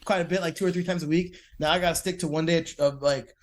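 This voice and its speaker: A man with a somewhat high voice, talking casually as a guest on a podcast. He gropes for words, saying "like" again and again and restarting his sentences. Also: steady tone. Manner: halting, heavy use of "like" and fillers. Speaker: podcast guest, jiu-jitsu black belt. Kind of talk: casual chat.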